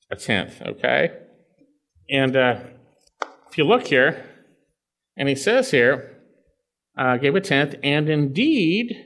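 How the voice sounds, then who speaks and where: A man's voice: a little high, a bit bright. A man preaching an expository sermon, teaching verse by verse and checking in with his listeners. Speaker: pastor.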